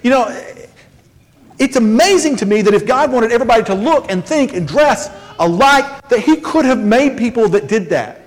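In a church sanctuary with long hall reverb, a man who pastors there delivers a joking, conversational sermon sprinkled with quick asides, his very high voice full of lively intonation.

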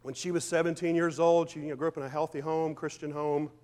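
High-voiced, fervent male preacher. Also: little pitch movement, fast, long reverb tail. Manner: fervent, emphatic preaching with rhetorical questions; swings between loud declarations and quiet, low asides. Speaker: pastor. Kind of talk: sermon.

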